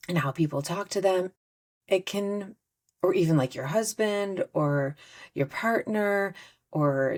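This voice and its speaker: A woman with a notably low voice hosts her own self-help podcast. She talks in an earnest, easygoing way, slipping into little acted-out conversations as examples. She sounds like a middle-aged host speaking straight to her listeners. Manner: earnest, gently conversational, often acts out example dialogue.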